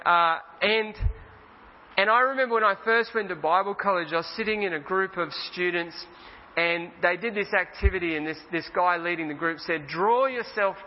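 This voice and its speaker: A high-voiced man preaches in a relaxed, chatty way and slows down to stress the scripture he reads. His voice carries a long reverb, as if from a church hall. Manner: casual, conversational preaching with slow emphatic scripture reading. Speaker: pastor. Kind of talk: sermon. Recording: dull roomy hall sound.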